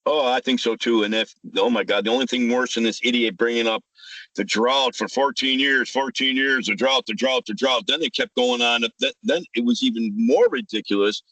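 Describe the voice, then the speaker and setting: A man's voice: mid-range voice, brisk, fairly bright tone, no room sound, rough recording. A man, hosting a casual sports chat, ranting heatedly, swearing and repeating himself. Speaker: sports podcast host.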